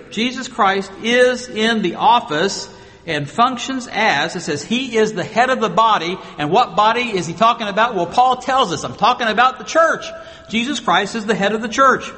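A man preaching a sermon with emphatic rhetorical questions, moving between loud stressed phrases and quiet asides. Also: high voice, expressive, normal speed, big-room sound. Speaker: pastor.

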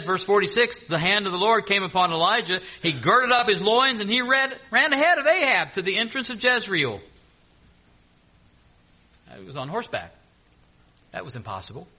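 A man preaching a sermon, retelling scripture with lively, joking asides between the verses he reads. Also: high-pitched.

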